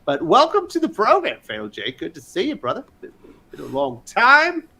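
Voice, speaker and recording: A man with a high, bouncy voice hosts a casual panel chat on a live stream. He swings his pitch all over as he reads out viewer comments and greets people in the chat. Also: huge pitch swings, normal speed, sharp tone. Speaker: show host.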